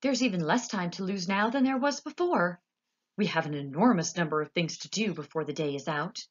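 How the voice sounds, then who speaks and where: A woman voicing an eccentric, cheerful male candy maker in a storybook reading, with quick, exclamatory, bubbly delivery. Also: on the low side, dull audio, lightly acted. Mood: brisk cheerful. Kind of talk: storybook character voice.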